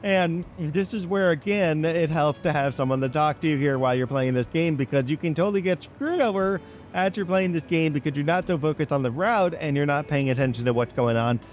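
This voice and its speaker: Speaking briskly in a voice on the higher side, a man hosts a train-simulator video for his gaming channel. He chats loosely and spins meandering stories aimed straight at viewers.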